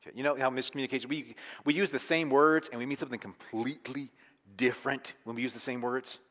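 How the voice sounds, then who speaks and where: A man preaching a sermon as pastor, talking conversationally and with emphasis, sometimes falling to a quiet, intense tone. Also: mid-range voice, fairly even intonation, fast, long reverb tail.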